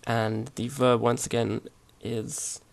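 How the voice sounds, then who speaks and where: A man explaining grammar over his slides in a relaxed, hesitant way, with many fillers and restarts. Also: medium pitch, slow, vocal fry. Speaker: language teacher. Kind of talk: casual slide-based language lesson.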